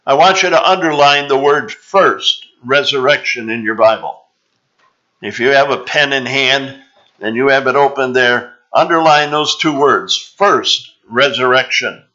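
A man preaching a sermon in a church, teaching slowly and deliberately and drawing out the scripture he reads aloud. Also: mid-range voice, pushed and bright. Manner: slow, deliberate preaching with drawn-out scripture reading. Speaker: pastor. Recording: dull, slightly lo-fi sound.

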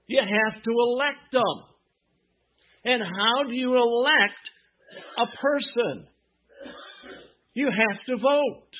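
A man delivers a sermon in a high, husky voice at an unhurried pace. He asks his listeners questions and answers them emphatically, with long pauses between phrases. The sound is narrow and tinny, like a phone call. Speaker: preacher.

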